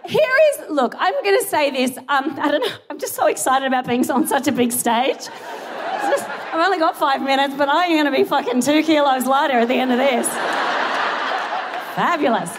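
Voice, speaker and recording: A woman's voice: high-pitched, lively intonation, normal speed, a crowd in the background. Giggly Australian woman doing stand-up. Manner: giggly, rambling, self-deprecating. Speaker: stand-up comedian. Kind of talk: live stand-up set. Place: large theatre stage before a live audience. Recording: live theatre recording with audience noise.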